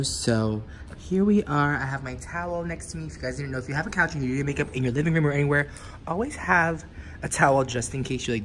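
A man talking casually to the camera for his vlog, chatty and bursting into excited outbursts now and then. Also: mid-range voice. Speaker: vlogger. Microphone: lapel mic. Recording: noisy background ambience.

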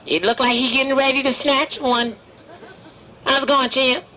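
A man's voice: extremely high pitch, flat delivery, normal speed, sharp tone, heavily acted. A man voicing a brash wooden dummy. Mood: teasing. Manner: brash, flirty, wisecracking. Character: cheeky wooden male dummy, streetwise flirt. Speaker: ventriloquist's dummy. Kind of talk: street comedy teasing passersby. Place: busy city street outdoors. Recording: street crowd noise behind.

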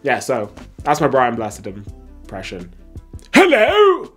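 A man's voice: a little high, animated, measured pace, a bit bright, soft background music. A man hosting a casual watch ranking video, who talks in blunt, slangy, enthusiastic bursts with plenty of fillers. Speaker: host.

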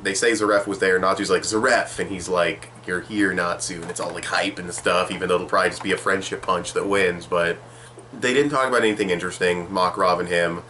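A man's voice: low voice, fairly even intonation, fast talker, sharp tone, slight background noise. A young man giving a rambling, sarcastic manga chapter review, swearing casually.

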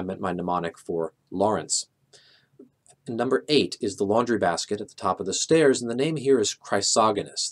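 A middle-aged man with a somewhat low voice teaches a memory method. He talks calmly and methodically, stepping through examples one by one with an occasional "uh". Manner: calm, methodical, a few filler "uh"s. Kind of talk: explaining with walk-through examples.

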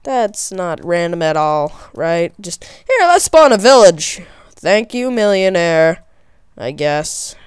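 A woman giving excitable, profane commentary while playing a game, often shrieking in panic. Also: on the low side, slow, clear, resonant tone, no room sound, studio quality. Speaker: gamer. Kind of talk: let's play commentary.

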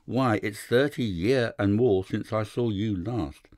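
A man voicing a wizened, crafty old sailor who speaks slowly and slyly in an audiobook. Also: fairly low pitch, darkish tone, dry recording, clean studio sound, close to an everyday voice. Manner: slow, sly, rough sailor's speech. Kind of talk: audiobook character voice.

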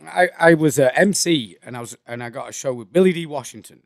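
An English comedian telling stories in casual chat, animated and swearing often. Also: male voice, a little high, a little fast, dry recording, clean studio sound. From England. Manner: animated, laughing, swears a lot. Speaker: comedian guest.

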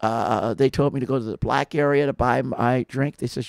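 A man talking in a casual, rambling monologue, telling stories with many restarts and growing louder when aggrieved. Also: medium pitch, fairly even intonation, normal speed, vocal fry, dry recording, clean studio sound. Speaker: podcast subject telling stories.

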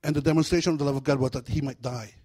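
A man preaching a sermon in a church, animated and humorous, breaking into acted-out voices. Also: medium pitch, very fast. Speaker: pastor.

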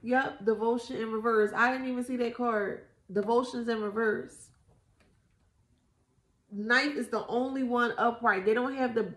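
A woman giving a casual tarot reading, blunt and profane, mocking and laughing often. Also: a little high. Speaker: tarot reader. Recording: echoey room.

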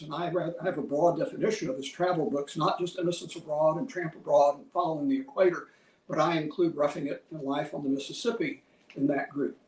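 A man gives a museum lecture in a measured, scholarly manner, reading out quotation after quotation. His voice sits a little high for a man. The sound carries the roomy echo of a lecture hall, heard from some distance away. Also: darkish tone.

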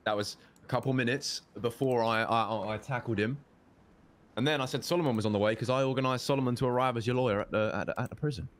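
A man chatting in a roleplay game, explaining things briskly and matter-of-factly. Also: mid-range voice, steady tone. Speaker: roleplay player. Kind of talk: casual in-game chat.

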